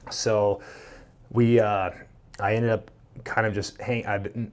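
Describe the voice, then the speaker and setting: Animated storytelling man, low voice. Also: takes it slowly. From Minnesota. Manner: animated, swears freely, acts out quoted dialogue. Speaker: podcast guest. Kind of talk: casual storytelling.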